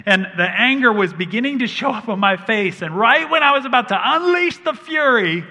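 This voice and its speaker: A man's voice: very high voice, animated, moderate pace, sharp tone. A man in his thirties preaching a sermon as a pastor, telling stories with humor and animation. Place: large church hall. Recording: long reverb of a big hall.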